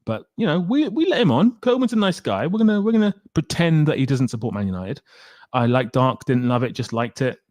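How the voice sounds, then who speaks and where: A man's voice: medium pitch, very animated, a little fast, a little mellow, dry recording, studio quality. A young man chatting casually on a live stream, reading out and reacting to viewers' comments with wry humor.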